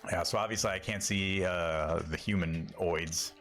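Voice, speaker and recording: A man taking his turn as a player in a live tabletop game, relaxed and halting as he thinks aloud. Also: low-pitched, soft background music. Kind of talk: casual live-play tabletop chat.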